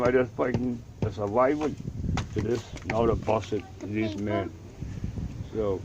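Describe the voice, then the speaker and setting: Older Bahamian man telling a dramatic story. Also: mid-range voice. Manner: vivid, dramatic storytelling, acts out the voices of people in his story. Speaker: Rastafarian elder telling his life story. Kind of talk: storytelling in an interview. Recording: dull lo-fi recording with clear background noise.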